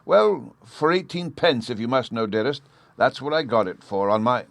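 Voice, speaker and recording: A man's voice: medium pitch, expressive, moderate pace, vocal fry, dry recording, pitched above the performer's own voice. A man reading an audiobook, voicing a flustered, timid noblewoman who stammers and pleads. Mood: meek.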